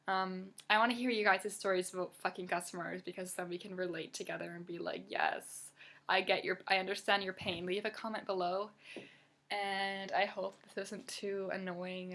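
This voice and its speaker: A young woman vents to her camera in a casual vlog rant. She tells her work story in an animated, exasperated way and swears freely. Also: medium pitch. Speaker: vlogger, waitress.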